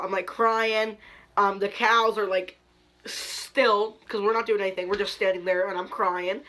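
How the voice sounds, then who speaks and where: Bright-voiced young man telling stories. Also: high-pitched, moderate pace. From Kentucky. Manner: animated storytelling, many "like" fillers, dramatic quoted reactions. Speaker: YouTube host. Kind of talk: story time vlog.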